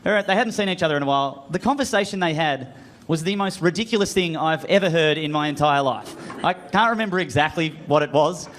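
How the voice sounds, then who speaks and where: A man's voice: fairly high pitch, fairly quick, a bit bright. An Australian man doing a stand-up comedy set on a club stage, self-mocking and acting out the voices in his stories. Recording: live club audience and room noise.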